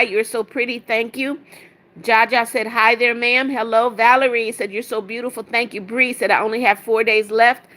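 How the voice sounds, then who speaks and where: With a slightly high, bright and forceful voice, a woman hosts a casual livestream. She reads viewer comments out loud and answers them bluntly and with plenty of sass.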